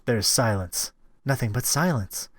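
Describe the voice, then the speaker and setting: Expressive male game streamer. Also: mid-range voice, dry recording, studio quality. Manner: expressive, quick asides between read text. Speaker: streamer playing a visual novel. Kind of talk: reading a game aloud with commentary.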